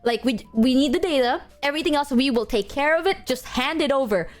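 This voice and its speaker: A woman's voice: high-pitched, animated, brisk. A woman streamer chatting casually to her viewers, ranting emphatically and swearing often.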